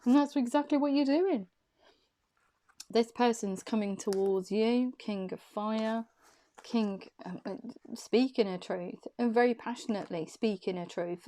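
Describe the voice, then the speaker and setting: A woman's voice: fairly high pitch, a little slow, mellow. A woman giving an intuitive tarot reading to the viewer, thinking aloud as she interprets each card in a loose, wandering way.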